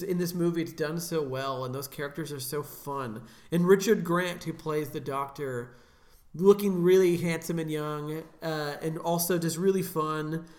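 A man's voice: a little high, echoey room. A man co-hosting a film podcast, chatting casually and enthusiastically, with lots of fillers. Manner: enthusiastic, filler-heavy, laughs often. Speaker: podcast co-host.

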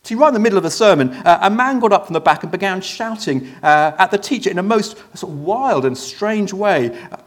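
A man's voice: sits high, lively intonation, brisk, few pauses. A man playing an ordinary congregation member, telling in the first person how an unusual preacher amazed him, in a chatty storyteller manner with hesitant restarts. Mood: storytelling. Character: ordinary man in the congregation, a jaded sermon-dozer left amazed. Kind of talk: first-person dramatic monologue in a sermon.

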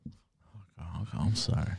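A man's voice: sits low, normal speed, creaky, a little mellow, breathy edge, no room sound. A man hosting a podcast, chatting casually in a teasing, stammering way and swearing freely. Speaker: podcast host. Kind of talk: casual chat.

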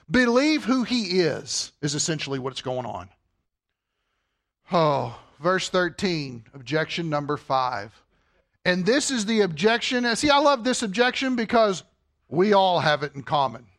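A man's voice: high-pitched, a bit bright. A man preaching a sermon as pastor, emphatic and full of rhetorical questions.

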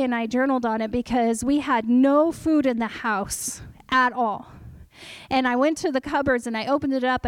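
A woman preaching a sermon, telling a personal testimony in an animated storytelling way and acting out her own past words. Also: fairly high pitch, smooth, no room sound.

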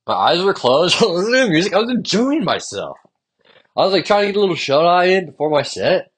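A young man rambling through a profane solo monologue, drifting off into quiet mumbles between lines. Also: high-pitched, big pitch swings, fast talker, husky. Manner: meandering, profane, trails off quietly. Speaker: podcast host.

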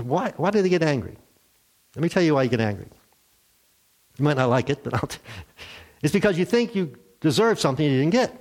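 A man preaching a sermon, telling a story with lively acted-out voices. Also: fairly high pitch. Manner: animated storytelling, acts out characters. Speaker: pastor.

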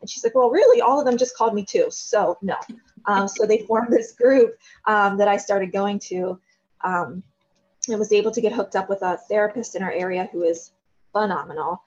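A woman in her thirties, a guest telling a candid personal story in an interview, self-deprecating and animated when quoting others. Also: mid-range voice, normal speed, husky. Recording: dull lo-fi sound.

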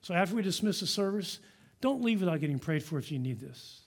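Earnest high-voiced pastor preaching. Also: male voice, lively intonation, fast, slightly rough. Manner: earnest, exhorting. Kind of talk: sermon. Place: church sanctuary.

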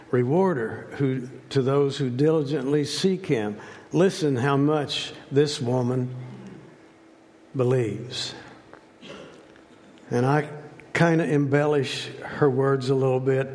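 A man's voice: mid-range voice, a little mellow. A man preaching a sermon, telling a story dramatically and asking rhetorical questions. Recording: long hall reverb.

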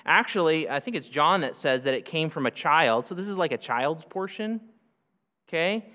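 Bright-voiced man preaching in a reverberant hall. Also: fairly high pitch, expressive, moderate pace. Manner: conversational, asks rhetorical questions, then answers them. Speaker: pastor. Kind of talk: expository sermon.

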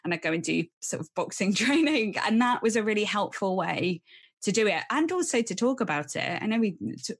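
A woman's voice: medium pitch, very animated, a little fast. A woman co-hosting a podcast, talking in an earnest, rambling way with frequent restarts. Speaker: podcast co-host. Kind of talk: casual podcast chat.

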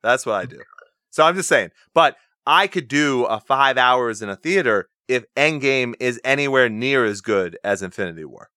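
A man's voice: medium pitch, lively intonation, moderate pace, sharp tone, no room sound, studio quality. A man in casual podcast chat, blunt and profane, ranting with strong opinions. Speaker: podcast co-host.

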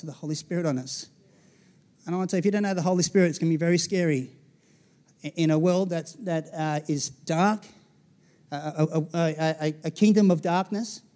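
A man's voice: a little high, mellow. An Australian pastor in his forties giving a conversational sermon, often checking in with the congregation. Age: 40s.

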